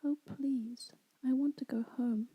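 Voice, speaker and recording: A woman voicing a frightened, pleading little girl in a soft whispered role-play for a storybook. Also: a little high, steady tone, unhurried, breathy edge, highs cut off. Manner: pleading, worried.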